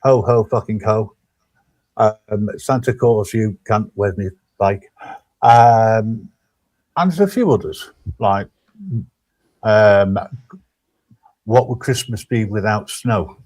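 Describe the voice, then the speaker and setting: A man co-hosting a casual live stream chat, relaxed and teasing, with many ums. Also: fairly low pitch, slow pace, pauses often, no room sound. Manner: laid-back, teasing, hesitant with ums. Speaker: stream co-host.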